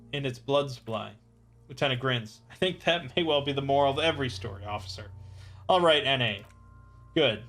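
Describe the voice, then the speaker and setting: A man playing a video game and reading its dialogue and narration aloud in a dry, deadpan way. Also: mid-range voice. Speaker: let's play narrator.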